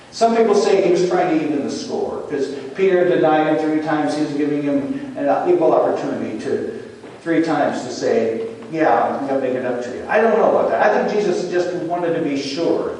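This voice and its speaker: A male pastor delivers a storytelling sermon with a somewhat high voice, letting the drama swell as he goes. He sounds distant from the mic, and his words ring through a long, echoing church hall with faint room ambience behind. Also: dark tone, a little hiss or hum. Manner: vivid storyteller, builds to rising intensity. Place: church sanctuary. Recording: echoey hall, from far off.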